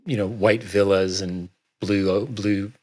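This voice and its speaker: Relaxed, low-voiced middle-aged man. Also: slow. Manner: relaxed, rambling, many fillers. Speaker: guest author. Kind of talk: casual interview chat.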